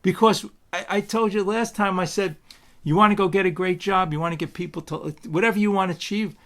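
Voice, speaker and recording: A man's voice: high-pitched, steady tone, fairly quick, a bit bright. A man speaking casually at a twelve-step meeting, rambling with frequent restarts and asides, and telling stories with acted-out quotes. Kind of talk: casual spiritual talk.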